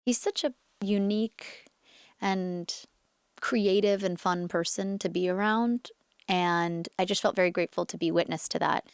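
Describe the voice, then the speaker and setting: A woman in her thirties, an actress being interviewed, chatting in an animated way with lots of filler words. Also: medium pitch, a little slow, smooth, no room sound, studio quality. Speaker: actress guest. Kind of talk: casual interview chat.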